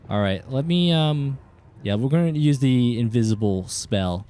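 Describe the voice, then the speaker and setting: A man streaming a game live, chatting casually with viewers and reacting with excited outbursts. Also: medium pitch, unhurried.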